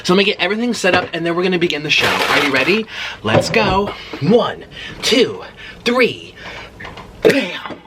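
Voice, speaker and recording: A man's voice: high voice, big pitch swings, moderate pace, very noisy. A man hosting a mukbang at home late at night, chatting casually to camera while chewing and eating between words. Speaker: mukbang host.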